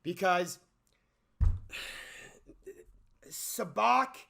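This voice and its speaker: A man with a high, gravelly voice rants about a movie off the cuff. He sounds bright and edgy as he rambles, stammers and restarts, and he keeps asking incredulous questions. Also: lively intonation, very slow. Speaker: movie commentary channel host. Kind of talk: unscripted movie rant.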